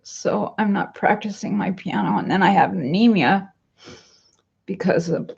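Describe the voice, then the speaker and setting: This woman's voice is fairly low, creaky and darkish, with a breathy edge. She rambles gloomily in a casual home vlog, reading out comments from viewers. Her computer webcam mic gives dull, lo-fi sound.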